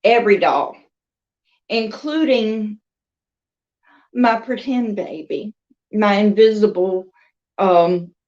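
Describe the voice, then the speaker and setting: A woman's voice: mid-range voice, takes it slowly, pauses often, darkish tone, lo-fi sound. A woman with a Southern US accent telling a rambling, chatty story in a casual vlog, with laughs between thoughts. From American South. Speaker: crochet and doll vlogger.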